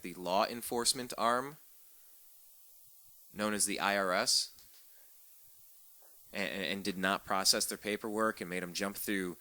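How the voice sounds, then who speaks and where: Brief: man, radio talk host, bright edgy tone, sarcastic rant with stumbling repeats. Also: fairly low pitch, no echo. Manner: sarcastic, ranting, repeats words when fired up. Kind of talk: political talk radio monologue.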